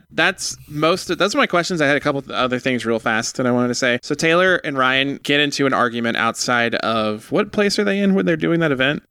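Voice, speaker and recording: A man's voice: mid-range voice, sharp tone, clean tone, no room sound, clean studio sound. A man hosting a casual podcast, asking quiz questions and rambling through eager asides.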